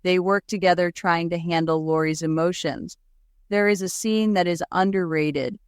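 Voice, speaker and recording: Smooth-voiced woman, chatty podcast co-host. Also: fairly low pitch, normal speed, dry recording, clean studio sound. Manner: chatty, reflective film analysis. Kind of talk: casual chat.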